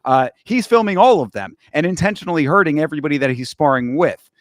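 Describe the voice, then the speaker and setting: A young man co-hosting a podcast, talking through a series in measured casual chat with many restarts. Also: on the high side, animated, dry recording, studio quality. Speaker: podcast co-host. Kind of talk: casual show recap chat.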